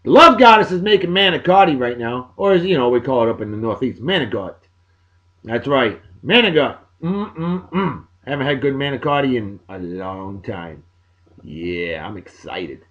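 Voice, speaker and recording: A middle-aged man, hosting a casual podcast and giving exuberant, folksy birthday shout-outs. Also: mid-range voice, lively intonation, normal speed, dull audio. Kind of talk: casual chat.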